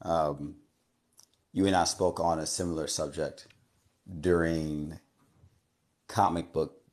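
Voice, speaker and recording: Man, extremely deep voice, calm, measured, slightly hesitant, live stream guest.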